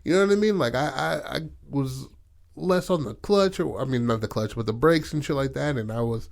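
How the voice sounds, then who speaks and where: A man's voice: medium pitch, a little fast, gravelly, natural voice. A man doing a flustered teen girl racer. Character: thirteen-year-old girl BMX racer, defensive.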